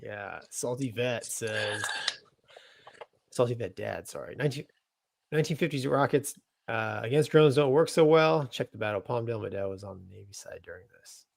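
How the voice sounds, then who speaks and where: A man's voice: medium pitch, animated, moderate pace, creaky, no echo. A man co-hosting a casual show who laughs easily, reacts in short lines and reads viewer comments aloud. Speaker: podcast co-host.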